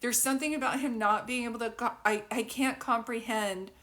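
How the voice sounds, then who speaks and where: A woman's voice: on the high side, steady tone, brisk, fairly bright tone, a little hiss or hum. A woman doing a psychic reading live, rambling and thinking aloud, often breaking into giggles, talking into a phone. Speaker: psychic medium. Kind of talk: live reading, casual chat.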